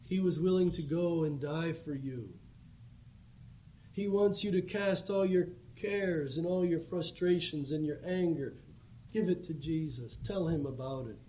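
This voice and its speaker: Unhurried and dark-toned, with a voice on the high side, a man delivers an evangelistic sermon of sincere, pleading appeals. The recording is dull and lo-fi, carrying a faint background hum.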